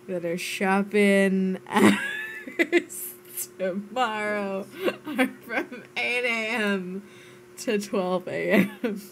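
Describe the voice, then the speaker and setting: A polite female store announcer reads closing notices over the PA in a put-on New Zealand accent, drawing the words out slowly. A woman streamer puts the voice on, and a faint hiss runs under it. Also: mid-range voice. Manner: slow, careful, half-giggling delivery.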